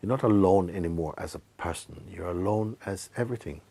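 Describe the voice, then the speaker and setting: A man giving a soft-spoken spiritual talk, telling a personal story and often sinking to a hush. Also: low-pitched, a little fast. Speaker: spiritual teacher.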